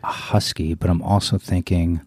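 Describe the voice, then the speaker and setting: A man who is a dog trainer, a guest in a casual drinking game, reacting loudly and laughing. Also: deep voice, moderate pace, slightly rough, no echo, clean studio sound. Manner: animated, laughing, swearing reactions.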